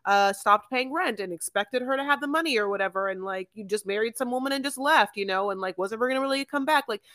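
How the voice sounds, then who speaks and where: A woman co-hosting a casual podcast about a reality TV show, talking emphatically and rambling, with sudden high outbursts. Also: fast talker, a bit bright, dry recording, clean studio sound. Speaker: podcast co-host. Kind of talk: casual reality TV recap chat.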